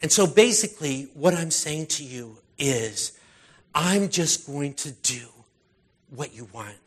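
A man's voice: on the high side, lively intonation, slow, slightly rough. A middle-aged male pastor giving a sermon in a loose, conversational way, with many fillers and restarts.

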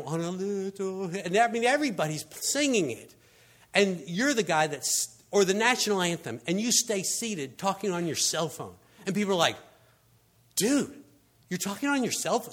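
A man preaching a conversational sermon, telling stories and filling gaps with "I mean" and "you know.". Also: on the high side. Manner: animated storyteller, frequent fillers like "I mean" and "you know". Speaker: pastor.

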